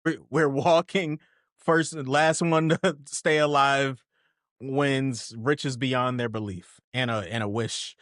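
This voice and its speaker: A man in mid-range pitch hosts a casual podcast, talking in animated bursts and swearing for emphasis. His voice jumps up when he gets excited. The recording is dry and close, with no room sound. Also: slow, no room sound. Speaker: podcast host. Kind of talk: casual chat.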